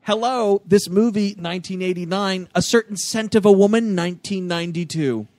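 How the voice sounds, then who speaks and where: High lively guy gushing about a movie, dry close mic. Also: moderate pace, dry recording. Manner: excitable, laughs often, acts out lines. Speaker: podcast co-host. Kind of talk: casual movie recap chat.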